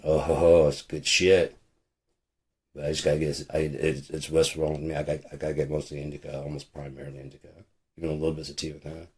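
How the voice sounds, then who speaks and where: This man's voice is a rumbling low and a little mellow as he rants casually as host of his own podcast. He rambles, leans sarcastic, and swears all the time.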